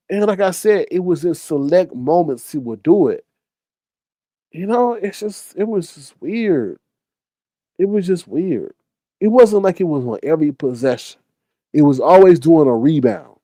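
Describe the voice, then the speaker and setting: An online streamer rants to his viewers while telling a story, exasperated, repeating himself, swearing heavily and acting out other people's lines. His high-pitched voice is animated, dark and a little fast. The recording is dry.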